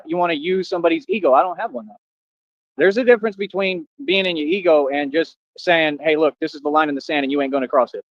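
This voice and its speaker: Fast-talking confrontational man. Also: a little high, no room sound, dull audio. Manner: confrontational street slang. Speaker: livestream host. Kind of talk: livestream rant.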